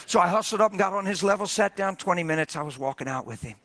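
A man preaching in a storytelling style, with a high, bright voice. He is animated and jokey, and his pitch swings widely as he exclaims. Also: fast, few pauses. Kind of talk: storytelling sermon.

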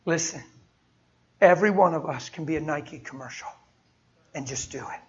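A man with a high, light voice preaches in a folksy, heartfelt way, slipping into the voices of the people in his stories. The recording is dull and lo-fi, like an old church tape. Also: moderate pace. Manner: folksy, heartfelt, acts out dialogue. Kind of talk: sermon with storytelling.

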